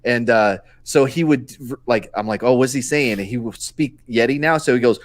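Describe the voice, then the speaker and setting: A man's voice: medium pitch, moderate pace, few pauses. A man joking around as a guest on a casual podcast. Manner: joking, animated.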